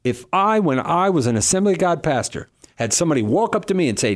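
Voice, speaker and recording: A middle-aged man, a guest on a radio talk show, explaining Bible passages in a lively way and acting out quoted speakers. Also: a little high, quick pace, few pauses, no echo. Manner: animated, acts out quoted speakers. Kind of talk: casual talk on Bible teaching.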